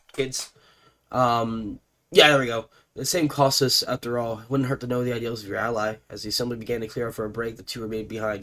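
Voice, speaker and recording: Male streamer, congested from allergies, excitable commentary mixed with stumbling read-alouds. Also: mid-range voice. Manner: excitable, stumbles over names. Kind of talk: live gameplay commentary and reading game text aloud.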